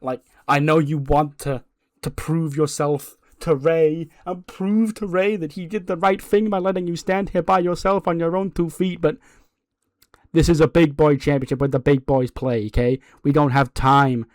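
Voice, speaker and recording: A man's voice: fairly high pitch, fairly even intonation, normal speed, no echo, studio quality, pitched above the performer's own voice, lightly acted. A man voicing a brash, gloating male wrestling champion who cuts a boastful promo and talks down to his rivals. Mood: mocking. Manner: boastful, taunting, talks down to others.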